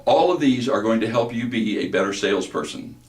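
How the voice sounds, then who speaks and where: A man teaching a speech class, talking deliberately and sounding words out slowly and precisely. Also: medium pitch, lively intonation. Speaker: speech instructor. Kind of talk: recorded lecture. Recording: echoey room, mic at a distance.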